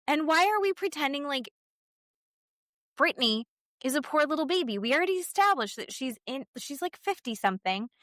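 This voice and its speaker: A woman's voice: high-pitched, animated, a little fast, a bit bright, no room sound, clean studio sound. A woman co-hosting a podcast, recapping reality TV in casual chat, blunt and profane, acting out what the cast members said. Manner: blunt, swears freely, acts out quotes. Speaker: podcast co-host.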